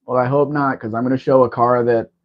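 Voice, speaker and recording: A man's voice: medium pitch, little pitch movement, quick pace. A man hosting a casual livestream chat, talking in a rambling, chatty way. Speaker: livestream host. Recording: dull lo-fi stream audio.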